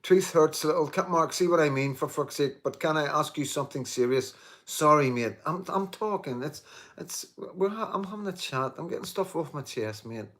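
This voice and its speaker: A man's voice: on the high side, lively intonation, normal speed, fairly bright tone. Emphatic middle-aged man on a live stream. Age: 50s. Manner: emphatic, repeats himself, many restarts and "you know"; swears and jokes with commenters. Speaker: livestream host reading viewer comments. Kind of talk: casual live-stream chat.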